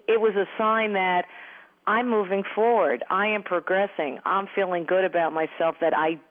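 A chatty middle-aged woman with a thick Long Island New York accent tells her story as an interview guest. She talks in an animated flow and keeps slipping into a giggling laugh. Her voice comes through a narrow, tinny phone line. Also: medium pitch. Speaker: sportscaster guest. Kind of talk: casual interview answers. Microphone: telephone.

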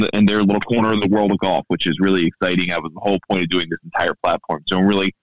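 A man from the Baltimore area chatting casually on a podcast, relaxed and full of fillers and restarts. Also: lowish voice, no room sound, muffled recording. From Baltimore area, USA. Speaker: golf podcaster and radio station founder.

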